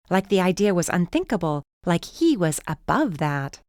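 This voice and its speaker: A woman narrating a mystery audiobook in the first person, in a tense, measured storytelling manner. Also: lowish voice, expressive, darkish tone, no echo, studio quality.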